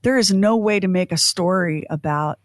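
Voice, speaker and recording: A woman's voice: fairly low pitch, moderate pace, no echo. A woman hosting a podcast, talking in a chatty, rambling, self-deprecating way. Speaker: podcast host. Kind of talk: casual chat.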